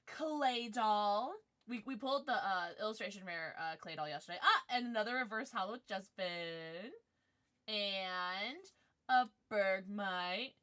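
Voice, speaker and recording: Excitable woman streamer, bright and lively. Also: mid-range voice, measured pace. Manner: excitable, gasping and squealing at pulls. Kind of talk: livestream chat while opening trading cards.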